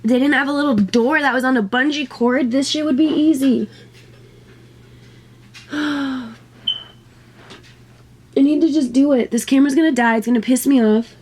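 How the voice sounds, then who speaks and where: A woman's voice: sits high, normal speed, long pauses, a little mellow, slight background noise. A young woman vlogging to camera, nervous and swearing as she talks herself through a scary task at home. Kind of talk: casual vlog talking to camera. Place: home utility space by a water heater.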